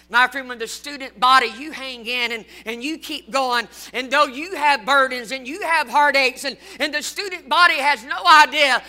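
A man's voice: very high-pitched, pushed and bright. A man preaching a fervent sermon, repeating lines and adding folksy asides.

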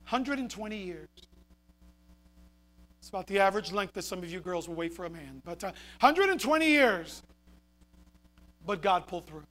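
A man with a very high voice preaching a sermon. He moves between fiery shouted points and soft, hushed asides, punching key phrases with repetition. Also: moderate pace, pauses often. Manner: animated, shouting for emphasis, then dropping quiet.

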